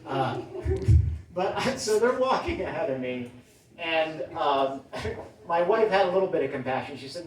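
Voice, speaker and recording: A man doing a stand-up comedy set in a small club, with a deadpan, self-deprecating delivery. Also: fairly high pitch, unhurried, a little hiss or hum. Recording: roomy club sound from a far mic, crowd laughing. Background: audience laughter.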